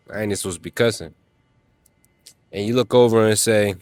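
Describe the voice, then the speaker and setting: A man's voice: fairly low pitch, normal speed, long pauses, darkish tone, no room sound. A man giving a motivational talk to other men, emphatic and preachy, speaking in casual slang. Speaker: self-help vlogger.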